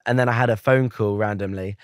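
A young man, a guest on an interview show, telling a story in a lively, chatty way. He acts out other people's lines and laughs often. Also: lowish voice, fast, no echo, studio quality.

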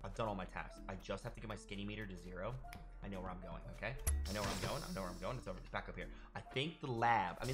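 A young man giving excited gameplay commentary as a streamer, with an animated delivery that jumps into high yelps and shouts. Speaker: gaming streamer.

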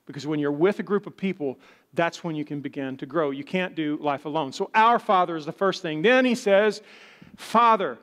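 High-voiced man preaching a sermon. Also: brisk, fairly bright tone. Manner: conversational preaching, acts out doubters' voices. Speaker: pastor. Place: church.

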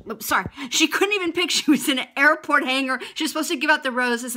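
Bright, snarky woman doing gossip. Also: a little high, brisk, few pauses. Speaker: comedian recapping a reality show. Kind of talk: casual comic recap.

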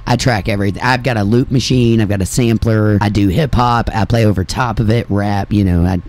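Host type: a lower-voiced man with a light Kentucky country lilt, straight-talking and chatty, laughs easily. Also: fairly even intonation, a little fast, a little mellow. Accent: slight Kentucky country. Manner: blunt, chatty, laughs often. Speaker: radio interview host and musician. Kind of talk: casual interview chat.

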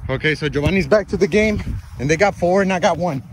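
A man in his thirties films a casual family vlog on his phone while playing soccer outside with his kids, laughing a lot, teasing them, and getting out of breath. His voice is high and fast, and the phone recording has a little hiss or hum.

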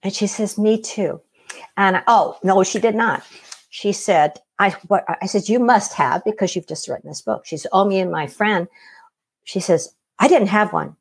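A woman's voice: medium pitch, normal speed, husky. A middle-aged woman casually telling her own story, acting out the voices of the people in it. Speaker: guest telling her near-death experience.

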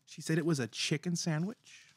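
A man's voice: fairly high pitch, steady tone, moderate pace, slightly rough, no room sound. A man chatting casually to camera, telling a rambling story in a playful, theatrical way and mocking himself as he goes. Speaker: food vlogger.

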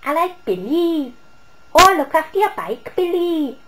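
A woman's voice: very high-pitched, big pitch swings, measured pace, a bit bright, voice pushed up, full character voice. A woman mimicking a lovestruck young woman in an overdone, sing-song Welsh accent. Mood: gushing. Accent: put-on Welsh.

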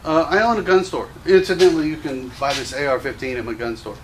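Gun shop owner, male, high-pitched, combative and profane on-camera rant. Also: fairly even intonation, fast, slight background noise. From Louisiana. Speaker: gun store owner and show host. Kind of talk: ranting commentary to camera.

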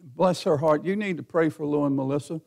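A middle-aged male pastor with a notably high, gravelly voice preaching in a folksy, conversational way. He chuckles between points and climbs toward fervent near-shouting when he drives a message home. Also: a little fast. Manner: folksy, laughs often, builds to near-shouting. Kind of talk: sermon.

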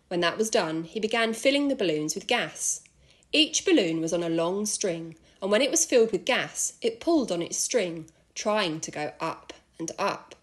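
A woman on a school's staff reading a children's book aloud in a steady storytelling manner. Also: on the low side, moderate pace.

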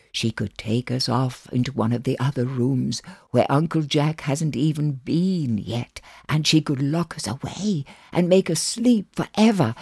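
A woman's voice: deep voice, creaky, mellow, slightly rough, no room sound, studio quality, heavily acted. A woman voicing a mischievous older sister girl who dramatically relishes scary tales in a storybook reading.

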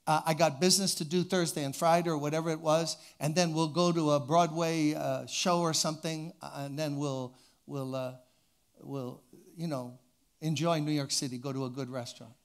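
A man's voice: fairly high pitch, normal speed, clean tone. Older man preaching a story-driven sermon. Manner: animated storyteller, builds to loud excitement then drops to quiet prayer. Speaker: pastor. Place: church.

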